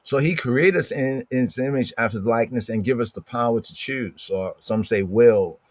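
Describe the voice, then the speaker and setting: A man leading a scripture study in a plain, middle-pitched voice. He talks conversationally and keeps checking in with "right?" and slows right down when he reads a verse. The sound is dry and close, with no room echo. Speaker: Bible teacher.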